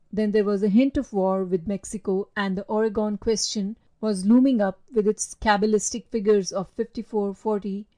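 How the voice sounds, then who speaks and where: A woman narrating a storybook in a measured, steady reading voice. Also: medium pitch. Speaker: audiobook narrator. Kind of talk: audiobook reading.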